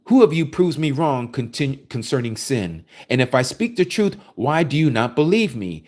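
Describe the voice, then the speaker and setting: A man preaching a sermon, reading scripture aloud and explaining it with forceful rhetorical questions. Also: mid-range voice.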